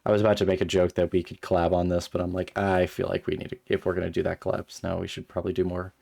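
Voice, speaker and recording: Man, streamer, very deep voice, rambling, self-deprecating, casual, mouse clicks. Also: monotone, fast talker, creaky, darkish tone, dry recording. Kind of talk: casual game-stream commentary and reading aloud.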